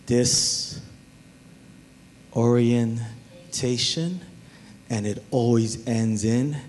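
A man preaching a sermon as pastor, animated and talking straight to his listeners, even humming tunes to make a point. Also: medium pitch, unhurried. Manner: animated preaching, talks to the crowd.

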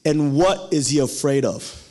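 Slow-spoken male preacher. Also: fairly high pitch, warm tone. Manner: dramatic, acts out quotes, asks the congregation questions. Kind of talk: sermon.

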